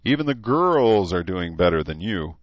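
A man voicing a young male recruit leader who jokes in a dry, easygoing way, low-voiced, on a dull, dry recording. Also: very animated, normal speed, no room sound. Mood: wry. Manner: dry, joking.

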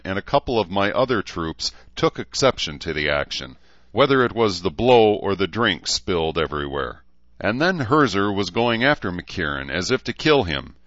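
A man's voice: sits low, a bit bright, no echo, highs cut off, pitched above the performer's own voice. A man voicing a diplomatic cavalry officer who talks in a wordy, conciliatory way. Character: smooth male cavalry officer, placating and diplomatic.

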